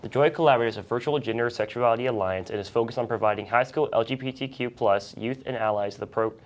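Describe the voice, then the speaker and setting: A teenage co-host reads school announcements at a brisk clip. The voice sits mid-range and stays steady and even. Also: mid-range voice. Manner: fast, steady reading. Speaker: student news co-host.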